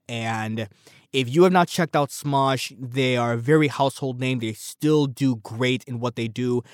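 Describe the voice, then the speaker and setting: Male podcast host, casual solo commentary, rambling, profane, mid-pitched, dry sound. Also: no echo. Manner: rambling, animated, swears freely.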